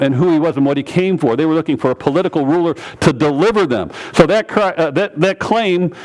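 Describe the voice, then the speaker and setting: Male preacher, sermon delivery, expressive rising and falling pitch. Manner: animated, repeats phrases, quotes scripture in character.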